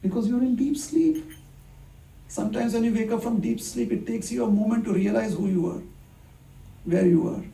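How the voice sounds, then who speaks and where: A man's voice: sits high, normal speed, gravelly, long pauses, warm tone. A man giving a conversational sermon, telling stories with rhetorical questions and acted-out dialogue. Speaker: preacher. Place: temple hall. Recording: echoey hall, distant mic.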